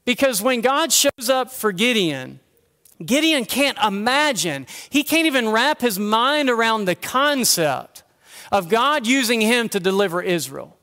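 A man delivers a Sunday sermon in a high, light voice. He talks casually and pokes fun at himself, then settles into a quiet, earnest tone. His voice rings out with a long church reverb. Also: big pitch swings, a little slow. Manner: conversational, self-deprecating humor, drops to a quiet earnest tone. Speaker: pastor. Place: church sanctuary.

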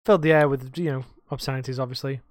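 A man's voice: medium pitch, fairly even intonation, racing, no echo, clean studio sound. A man co-hosting a casual podcast, telling rambling, sweary stories from his bar work. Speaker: podcast co-host; bar worker.

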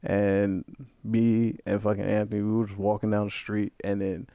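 A young man from Brooklyn, New York, guests on a podcast and tells a story in casual chat, swearing freely and acting out people's voices in an animated way. His voice is fairly low, at a moderate pace, in a dry recording.

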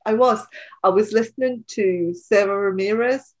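A woman with a Geordie accent and a low alto voice, co-hosting a casual podcast chat, rambling a little and laughing easily at herself. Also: normal speed, darkish tone, dull audio. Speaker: podcast co-host.

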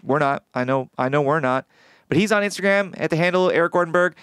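A man co-hosting a podcast, talking in an animated way, blurting out pop culture references and swearing casually. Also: on the high side, quick pace, smooth, no echo, clean studio sound. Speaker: podcast co-host and actor. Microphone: studio podcast microphone.

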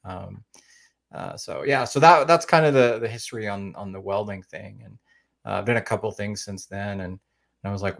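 A man's voice: fairly low pitch, normal speed, creaky. A man from Oklahoma with a slight Oklahoma accent, a podcast guest chatting casually and rambling with many fillers and restarts. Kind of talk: casual interview chat.

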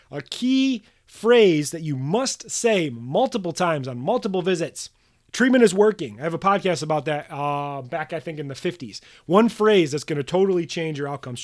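A man with a slightly high voice delivers a solo podcast monologue. He is blunt and punchy, swears without a second thought and hammers points home by repeating them. He speaks like a coach pushing practitioners to do better. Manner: emphatic, drills points with repetition. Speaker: podcast host coaching manual therapy practitioners.

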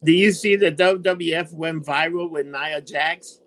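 A man co-hosting a casual chat, excitable and profane, laughing often. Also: fairly high pitch, unhurried, poor audio.

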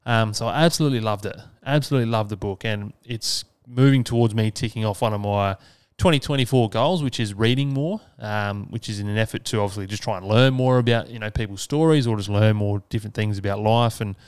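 A man's voice: fairly low pitch, brisk, clean tone, dry recording, clean studio sound. An Australian man hosting a solo podcast, talking casually and earnestly, swearing freely. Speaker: podcast host.

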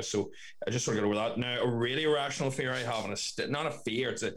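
A man's voice: mid-range voice, fast, low-quality recording. A man, a former firefighter, rambling with lots of fillers on a podcast. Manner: rambling, filler-heavy talk. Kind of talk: casual podcast chat.

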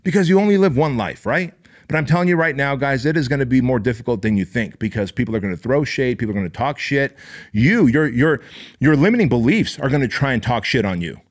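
A man's voice: mid-range voice, animated, quick pace. A man hosting a podcast, delivering an intense, profane, emphatic motivational monologue. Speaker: podcast host.

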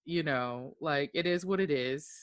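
A woman in casual chat, playful and quick to react, laughing often. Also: deep voice, smooth, dry recording.

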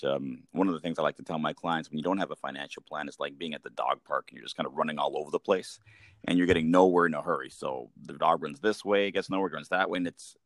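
A man with an extremely low voice talks quickly in a casual, chatty way. He leans on homely comparisons, and the sound is close and dry. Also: no echo. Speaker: podcast co-host and advisor. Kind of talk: casual interview talk.

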